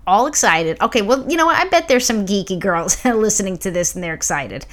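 A woman co-hosting a podcast in casual chat, telling stories in an animated, rambling way. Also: medium pitch, brisk. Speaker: podcast co-host.

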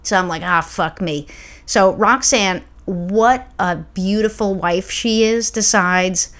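A woman's voice: medium pitch, takes it slowly. Chatty woman telling a rambling story. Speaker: podcast co-host. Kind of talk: casual chat.

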